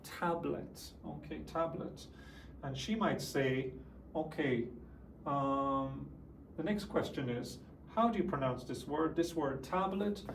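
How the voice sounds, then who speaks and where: A man teaching an English lesson, speaking slowly and clearly and repeating example words for his students. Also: a little high, roomy sound, slight background noise. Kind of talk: classroom language lesson.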